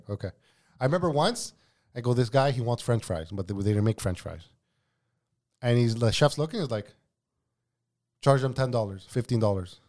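A man's voice: lowish voice, darkish tone. Profane storytelling man. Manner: profane, storytelling, says bro a lot. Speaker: podcast guest, former cook. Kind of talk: casual chat.

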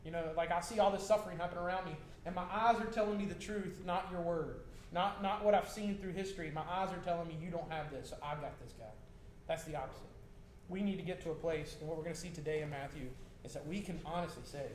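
A man's voice: high-pitched, fast. A man preaching a sermon in a conversational way, repeating himself and asking the congregation questions. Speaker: pastor. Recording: echoey room with faint noise.

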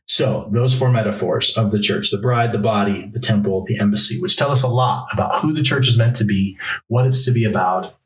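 A man's voice: on the low side, a little fast. A male pastor preaching a sermon, reading Bible passages aloud and driving points home through emphatic repetition. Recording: roomy echo, mic from a distance.

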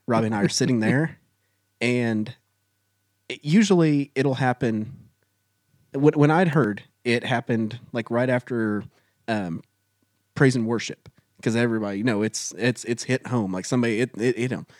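A man in a casual chat, telling a self-mocking story with animated energy. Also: medium pitch, normal speed, long pauses, no room sound, studio quality. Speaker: guest storyteller.

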